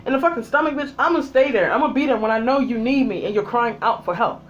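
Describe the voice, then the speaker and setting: The speaker rants in a heated, foul-mouthed way, scolding people who aren't there, with a mid-pitched voice. Loud bursts give way to low grumbles. A faint electrical hum sits under the voice throughout. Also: quick pace, highs cut off. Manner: heated and exasperated, heavy swearing, talks straight at the absent characters; swings between loud outbursts and low muttered asides. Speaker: vlogger reviewing a TV series. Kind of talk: profane angry rant.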